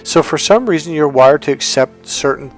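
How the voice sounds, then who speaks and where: A man's voice: on the high side, lively intonation, moderate pace, soft background music. A man, a self-help coach and hypnotherapist, talking casually to camera and telling a rambling story in which he acts out the lines of the people in it.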